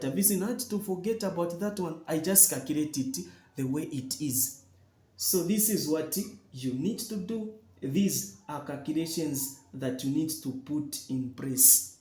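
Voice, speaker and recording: A man's voice: fairly high pitch, darkish tone, reverberant. A man tutoring chemistry, walking through a worked problem, repeating himself for emphasis and asking viewers if they have seen. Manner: repetitive, emphatic, addresses viewers directly. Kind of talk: chemistry lesson walkthrough.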